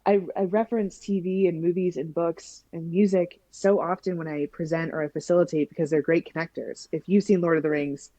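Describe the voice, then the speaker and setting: A woman speaking as a podcast guest in a warm, mellow voice. She talks enthusiastically and expressively, and the recording is close and dry. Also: fairly low pitch, steady tone, brisk, hardly any pauses, dry recording. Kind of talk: casual conversation.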